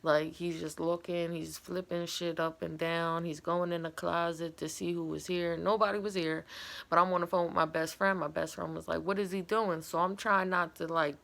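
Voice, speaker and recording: A woman's voice: fairly low pitch, creaky, a bit bright. A woman casually retelling a personal story in a candid, rambling way with lots of fillers. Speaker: vlogger.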